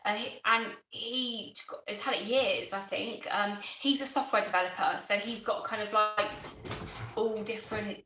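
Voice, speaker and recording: A woman's voice: mid-range voice, fairly even intonation, a little slow, bright, forceful tone, roomy sound, rough recording. A woman with a Bristolian accent, hosting a casual gardening live stream, chatting on and thanking viewers by name. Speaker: gardening channel host.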